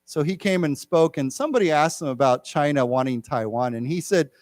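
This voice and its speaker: A middle-aged man leading a casual English lesson, chatting and rambling, with animated quoted voices. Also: a little high, fairly quick, no echo. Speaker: English teacher. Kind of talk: casual classroom lecture. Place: lecture room.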